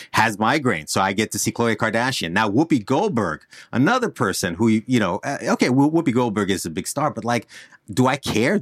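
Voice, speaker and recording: A man from northern New Jersey hosting a podcast chat, animated, joking and opinionated. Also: lowish voice, no room sound, clean studio sound. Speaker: podcast host.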